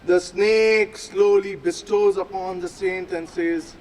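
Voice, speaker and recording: A man telling a folk story aloud at a live event, with slow, deliberate phrasing and dramatic pauses. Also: high-pitched, steady tone, darkish tone, a little hiss or hum, low-quality recording. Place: outdoor public plaza.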